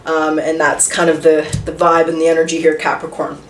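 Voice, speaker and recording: A woman's voice: deep voice, monotone, a little fast, slight background noise. A woman giving a casual tarot reading, talking chattily with lots of rhetorical questions and the odd swear word. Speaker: tarot reader. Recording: roomy echo, voice a bit far from the mic.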